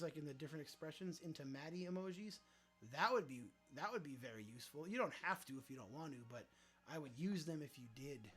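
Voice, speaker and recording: A man's voice: a little high, a bit bright. A man hosting a casual livestream, joking around and answering viewer chat aloud, with some swearing. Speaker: livestream host.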